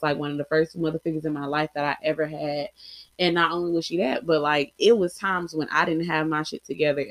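A woman's voice: deep voice, no room sound. A young adult woman vlogger telling personal stories candidly, blunt and heavily profane, acting out quoted lines.

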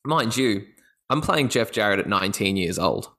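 A man with an Australian accent, a guest actor telling stories in a casual interview, lively and often laughing. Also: on the low side, normal speed. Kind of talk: casual podcast interview chat.

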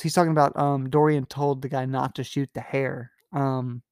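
A man's voice: mid-range voice, flat delivery, moderate pace, hardly any pauses, a little mellow, clean tone, no room sound, clean studio sound. A young man hosting a podcast, casually recapping a novel in a rambling, amused way with lots of fillers. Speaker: podcast host. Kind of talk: casual book recap with readings.

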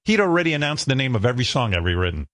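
Animated, profane radio host in his 60s. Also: medium pitch, very fast, no echo, clean studio sound. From New York area. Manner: animated, profane, self-mocking storyteller. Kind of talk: casual chat.

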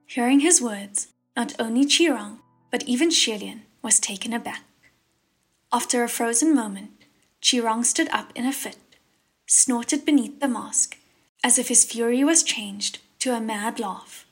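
Husky woman narrating an audiobook. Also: on the high side, measured pace. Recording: narration over faint background music.

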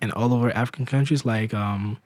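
A man's voice: medium pitch, fairly even intonation, fairly quick. A young man from Ghana chatting casually as co-host, easygoing and agreeable. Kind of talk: casual chat.

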